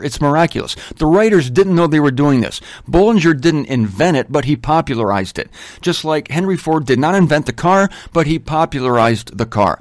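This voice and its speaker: A middle-aged man giving an informal Bible teaching, emphatic and conversational, slowing down to stress his points. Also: medium pitch, dry recording.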